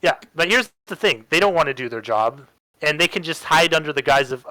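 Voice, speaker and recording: A young man hosting a streamed chat, ranting bluntly and swearing freely. His voice is bright and tense, recorded dry and close. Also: a little high, expressive, brisk, no room sound, poor audio. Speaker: stream host. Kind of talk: casual chat.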